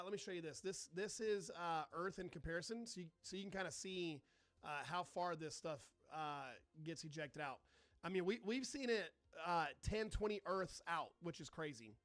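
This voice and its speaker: A man's voice: fairly high pitch, fairly bright tone, no echo. A man hosting a live astronomy stream, chatting casually, swearing and reading out and answering viewer comments, sarcastic toward trolls. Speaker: astronomy livestream host.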